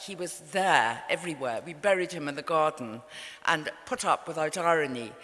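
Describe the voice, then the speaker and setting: Wry English woman, lively and bright. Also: sits low, moderate pace. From England. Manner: wry and understated. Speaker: author. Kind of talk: storytelling talk to a live audience. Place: event hall. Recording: reverberant live venue.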